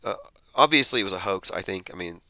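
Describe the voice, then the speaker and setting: A man's voice: low-pitched, expressive, fast talker, vocal fry, pushed and bright, dry recording. A man hosting a commentary show, casually reading headlines and posts and reacting with skepticism. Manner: skeptical, conversational, thinks aloud with fillers. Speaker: podcast host.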